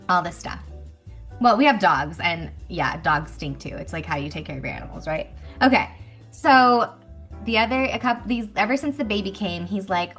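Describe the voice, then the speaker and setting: A woman in her thirties telling a story to a group in a chatty, animated way, acting out what people said. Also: medium pitch, fairly quick, faint music behind. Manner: animated, chatty, acts out quotes. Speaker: speaker at a women's business meeting. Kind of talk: casual storytelling talk to a group.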